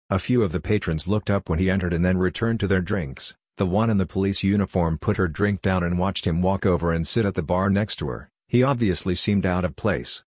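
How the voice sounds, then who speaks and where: A man reading a novel aloud in a measured, even storytelling manner. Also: sits low, husky, no room sound, clean studio sound. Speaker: audiobook narrator. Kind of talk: scripted narration.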